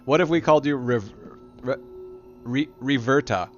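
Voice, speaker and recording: A man streaming a game live, joking and laughing in a mid-pitched voice. He teases his companion and repeats her replies aloud. Game music plays clearly behind him. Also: normal speed, dull audio. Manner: playful teasing, laughs often.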